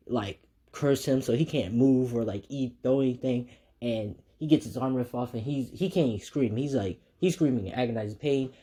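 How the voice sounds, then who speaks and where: A man's voice: medium pitch, mellow. A man casually retelling a fan story, rambling with many fillers and restarts.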